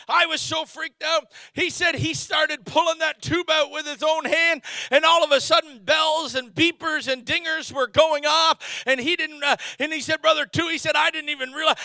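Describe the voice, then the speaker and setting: A man's voice: very high voice, pushed and bright, dry recording. A man preaching a storytelling sermon as a missionary, with frequent restarts and exclamations. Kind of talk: Pentecostal-style sermon.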